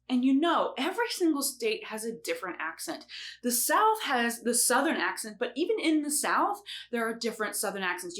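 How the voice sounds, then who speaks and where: A woman hosting a casual instructional vlog about sign language, upbeat and expressive, acting out the questions of confused learners. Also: fairly high pitch.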